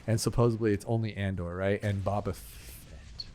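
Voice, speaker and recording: A man's voice: on the low side, fairly even intonation, normal speed, mellow. A young man rambling casually while he plays and talks through a video game, full of fillers and asides. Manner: chatty, rambling, filler-heavy. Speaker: gaming channel host. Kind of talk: rambling casual gameplay chat.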